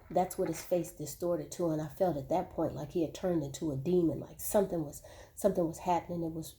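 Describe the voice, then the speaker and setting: A woman slowly sharing a painful personal story straight to her viewers, often repeating words as she goes. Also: on the low side, background noise. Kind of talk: personal testimony, spoken to viewers.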